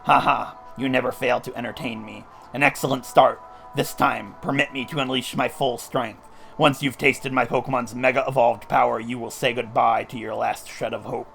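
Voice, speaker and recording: A cold, formal villain boss from a video game speaks in a low, hushed and pompous tone, as a man puts him on. The voice carries a gravelly edge and an unhurried, lordly manner. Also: fairly even intonation, soft background music. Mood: haughty.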